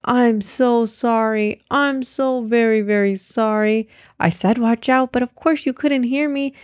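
A woman's voice: a little high, a little slow, no room sound, studio quality, voice pushed up, lightly acted. A woman reading aloud, voicing an anxious young boy who is flustered and keeps apologizing.

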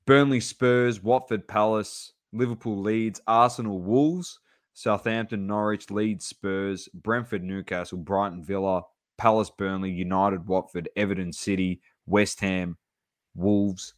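An excitable man talking football on a podcast, his voice sitting low. He laughs easily and rattles through scores, recorded dry and close to the mic. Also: unhurried, no echo. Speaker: podcast co-host. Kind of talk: casual sports chat.

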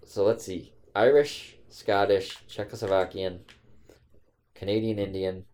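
A man co-hosting a podcast, chatting casually and telling stories in a blunt, crude, deadpan teasing way. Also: on the low side, measured pace. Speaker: podcast co-host. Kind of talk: casual podcast chat, storytelling.

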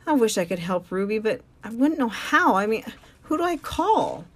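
A weary, kindly father, as a woman reading an audiobook plays him, talking gently and with a soft, wry humor. The voice stays close to the reader's own. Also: fairly high pitch, sing-song, moderate pace. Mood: gentle. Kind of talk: audiobook character voice.

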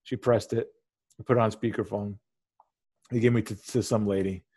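A man's voice: on the low side, normal speed, husky, no room sound, clean studio sound. A man in casual chat telling a story with lots of swearing, acting out both sides of a phone call. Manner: profane, animated storyteller who acts out both sides of a call.

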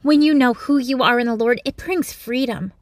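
A woman giving a Christian devotional message with gentle, earnest encouragement, speaking close to the mic. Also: fairly high pitch, moderate pace, no echo. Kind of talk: devotional teaching.

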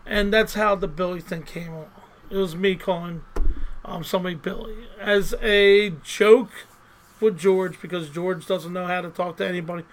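A man with a high voice co-hosts a casual podcast chat. He tells his stories in a rambling, animated way, with plenty of fillers and restarts along the way. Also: moderate pace, rough recording. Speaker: podcast co-host.

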